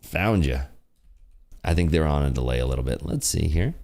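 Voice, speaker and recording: A young man with a deep, gravelly voice chats casually on a trading livestream. He reads viewer comments aloud and jokes around, and his pitch swings widely from low grumbles up to excited highs. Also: moderate pace. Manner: jokey, reads chat aloud, laughs often. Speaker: livestream host.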